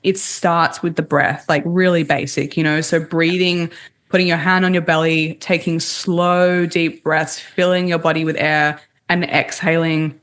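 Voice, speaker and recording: A woman dating coach talks a podcast host through a grounding exercise with a fairly low voice. Her delivery is calm and explanatory, and she lays out each step plainly. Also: normal speed. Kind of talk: casual podcast interview.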